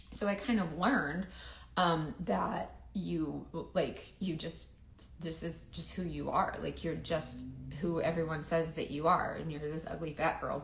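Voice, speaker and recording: A woman's voice: low voice, reverberant. A woman who chats casually while doing her makeup, rambling, confiding and often trailing off. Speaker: makeup seller and vlogger.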